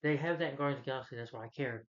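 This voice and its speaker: A man's voice: mid-range voice, rapid-fire, dull audio. A man giving a casual, opinionated movie review, rambling with many restarts and fillers.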